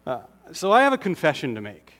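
Connecticut pastor guy preaching, chatty, pokes fun at himself, slightly high voice, long church echo. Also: wildly swooping pitch, fairly quick, a bit bright. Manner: conversational, self-deprecating humor. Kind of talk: sermon.

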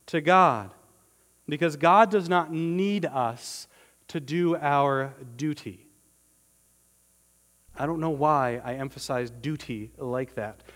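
A man preaching a sermon as pastor, earnest and emphatic, slowing down on key words and often restarting his phrases. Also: a little high, a bit bright, long reverb tail.

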